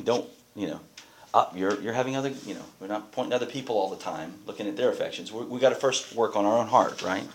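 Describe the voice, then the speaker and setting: A man's voice: lowish voice, animated, a little fast. A man, a pastor, teaching a Bible class in a conversational way and often asking the group questions.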